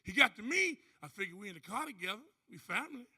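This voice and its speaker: A man giving an animated motivational testimony on a conference stage. He tells his story as a storyteller, acting out other people's voices and whooping. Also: high voice, fast, breathy edge. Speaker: conference speaker. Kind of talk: motivational testimony to a live audience.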